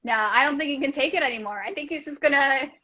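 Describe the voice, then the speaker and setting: Woman co-host, high voice, rambling and jokey, muffled lo-fi recording. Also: fast, bright, forceful tone. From Canada. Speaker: podcast co-host. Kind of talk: casual chat. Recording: dull lo-fi audio.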